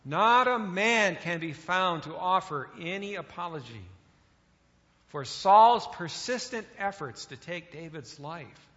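A man preaching a sermon in an earnest way, pausing with fillers now and then. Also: high-pitched, animated, a bit bright. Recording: echoey hall, dull lo-fi sound.

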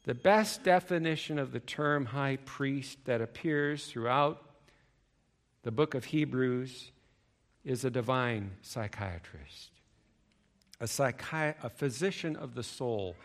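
A male preacher giving a sermon, emphatic, swinging between loud stressed phrases and low asides. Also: animated, slow pace.

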